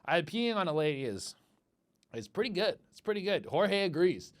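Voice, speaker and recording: Animated man rambling crude comedy. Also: high voice, normal speed. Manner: acts out little quoted exchanges. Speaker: podcast host. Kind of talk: crude comedic podcast rant.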